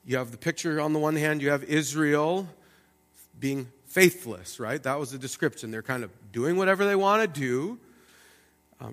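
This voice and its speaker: Animated preaching man, long church reverb. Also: a little high. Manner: animated, acts out God's and the people's words. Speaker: pastor. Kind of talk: sermon. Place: church sanctuary.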